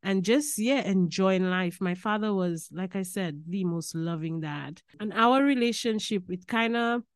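Lively Saint Lucian woman telling stories. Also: medium pitch, measured pace, dry recording. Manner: animated, laughing, lapses into Caribbean phrasing. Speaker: podcast guest. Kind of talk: casual storytelling chat.

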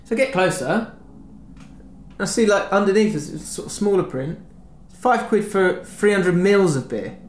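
A man's voice: sits high, moderate pace. A man co-hosting a podcast, telling a long rambling story in casual chat. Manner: rambling animated storytelling, acts out shouts. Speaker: podcast co-host. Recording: echoey room with faint noise.

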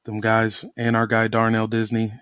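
Podcast guy, gets fired up fast, cusses a bit, dry close mic sound. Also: on the low side, clear, resonant tone, no room sound. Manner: animated, excitable, swears casually. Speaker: podcast co-host. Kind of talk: casual chat.

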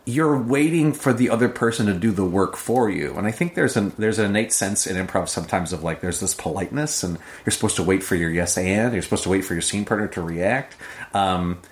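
A man who teaches improv, talking casually in an interview and acting out quoted lines. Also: brisk. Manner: animated storytelling, acts out quoted lines in a high voice.

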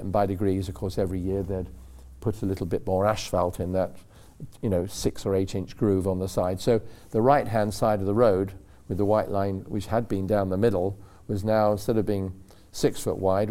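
A man telling rambling, animated racing stories in a casual chat, acting out what others said. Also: sits low, normal speed. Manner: rambling, animated storytelling with acted-out quotes. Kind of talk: casual anecdote.

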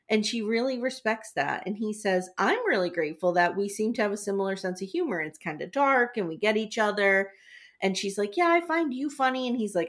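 A woman co-hosting a podcast, chatting casually and retelling scenes with quoted lines and self-deprecating jokes. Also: mid-range voice. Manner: animated storytelling, quoting people in voices, self-deprecating jokes. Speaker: podcast co-host. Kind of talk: casual recap chat.

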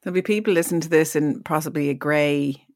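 A woman's voice: sits low, fast talker, no room sound, clean studio sound. A woman interviewing a guest, asking thoughtful leading questions. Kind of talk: conversational interview.

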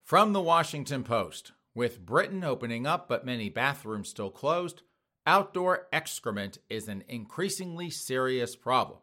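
A man's voice: medium pitch, sing-song, unhurried, sharp tone. A man hosting a casual news commentary show, talking to his listeners as folks in a mocking, sarcastic way and chuckling often.

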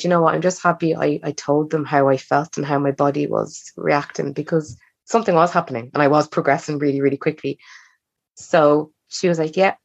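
Low-voiced woman telling a personal story. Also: vocal fry, no room sound. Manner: chatty, acts out quoted dialogue. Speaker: podcast guest. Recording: slightly dull, muffled recording.

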